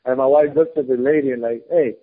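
This podcast guest, a man in his thirties, talks fast in a mid-range voice with fairly even intonation. He tells his story bluntly and heatedly, swearing a lot, in a casual chat heard through phone-like lo-fi audio.

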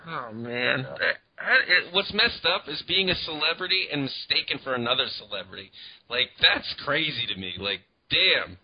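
A man's voice: mid-range voice, lively intonation, normal speed, husky, muffled recording. A man hosting a casual interview, asking loose, chatty questions with a laugh. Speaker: podcast host.

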